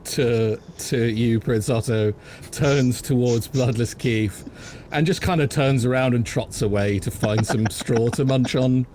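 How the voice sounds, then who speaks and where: A British man narrating as game master of a tabletop game, unhurried and halting, with many fillers. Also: mid-range voice, darkish tone, a little hiss or hum.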